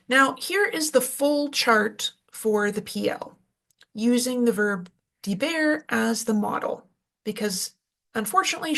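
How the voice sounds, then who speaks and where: Patient woman teaching from a textbook chart, higher voice. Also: gravelly. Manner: patient, explanatory, spells out forms in slow lists. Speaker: language teacher. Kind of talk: recorded lecture walking through a textbook chart.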